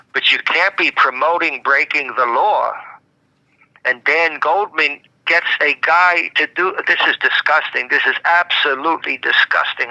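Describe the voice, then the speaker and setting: A man's voice: on the high side, creaky, sharp tone, dry recording, muffled recording. A man from Brooklyn, delivering an indignant, rambling political commentary monologue on a live show, often repeating and restarting his words. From Brooklyn, New York.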